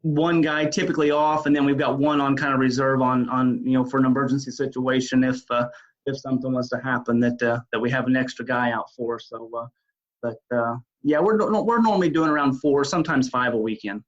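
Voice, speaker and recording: Halting man with dull sound. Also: medium pitch, fairly even intonation. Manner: halting, many uh fillers and restarts. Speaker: wedding DJ business owner, guest. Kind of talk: casual interview talk.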